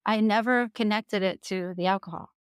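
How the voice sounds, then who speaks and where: Candid woman with a smooth voice. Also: medium pitch, moderate pace, dry recording, studio quality. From Jersey Shore, USA. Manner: lively, laughs while telling stories. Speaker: podcast guest. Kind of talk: candid personal storytelling.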